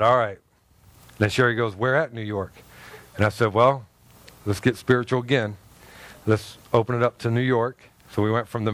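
A man's voice: medium pitch, a bit bright. Folksy middle-aged male pastor preaching. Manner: folksy storytelling with laughs and asides. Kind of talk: sermon. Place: church.

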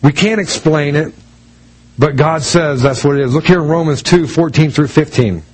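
A man with a fairly high voice preaching in a casual, storytelling way. He restarts his sentences often and slips into the voices of the people in his story. The feel is a relaxed talk to a congregation rather than a formal address. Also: moderate pace, slightly rough, rough recording. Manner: conversational storytelling with many restarts; acts out quoted voices in dialogue. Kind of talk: sermon with personal story.

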